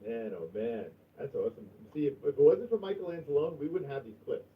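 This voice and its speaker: A man's voice: on the high side, sing-song, quick pace, recorded from a distance, narrow, tinny audio. A man hosting a live stream, talking casually and bluntly with plenty of swearing. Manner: blunt and heavily profane. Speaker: stream host.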